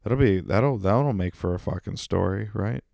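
A man's voice: on the low side, normal speed, gravelly, a little mellow, no echo, studio quality. A man hosting his own podcast in a casual, rambling monologue, swearing a lot and joking at his own expense. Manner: rambling, swears constantly, self-deprecating jokes. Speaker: podcast host.

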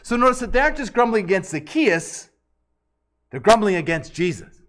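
A man's voice: sits high, very animated, fairly quick, fairly bright tone. A man preaching an expository sermon, earnest and emphatic, often restarting and repeating words.

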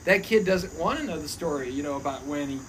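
A man in his fifties, a former pastor, telling lively childhood stories in a casual podcast chat, laughing often. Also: a little high, fast talker. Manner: animated storyteller, laughing often. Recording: noisy recording.

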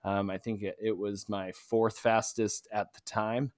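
A man co-hosting a podcast, telling a story in casual chat, rambling and halting with many fillers and restarts. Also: fairly low pitch, level tone, no echo, studio quality. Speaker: podcast co-host.

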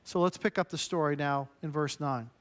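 High-voiced man preaching with punch. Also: moderate pace, fairly bright tone. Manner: emphatic, punchy preaching with short repeated phrases. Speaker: pastor. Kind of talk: sermon.

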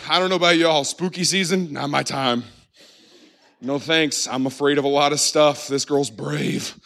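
A man's voice: on the high side, sharp tone. A man in his twenties doing a stand-up comedy set for a live audience, laughing at his own jokes and talking straight to the crowd. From Bible Belt of the US. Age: 20s. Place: church hall with a live audience.

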